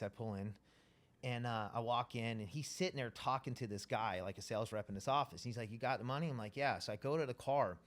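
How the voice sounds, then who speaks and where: A man telling a wild story as an interview guest, animated and profane, rambling casually. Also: medium pitch.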